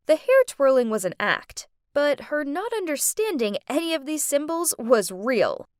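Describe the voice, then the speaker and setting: Young woman narrator, bouncy teen storyteller, up and down pitch, dry close mic. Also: no echo. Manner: lively, chatty teen-girl storytelling with quick pitch jumps. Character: chatty teenage girl narrator. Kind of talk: first-person animated story narration.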